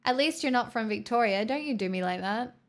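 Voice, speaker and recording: A woman's voice: a little high, expressive, a little fast. A woman from the southeastern US hosting a livestream, chatting casually and teasing her viewers as she reads the chat. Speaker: livestream host.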